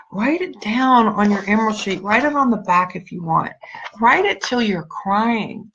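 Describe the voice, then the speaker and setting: A woman with a bright, forceful voice delivers a motivational livestream talk, earnest and emphatic, leaning on repeated words. Her pitch sits in an ordinary middle range. The sound is dull and lo-fi, like livestream audio. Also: husky. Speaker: motivational speaker and sales team leader.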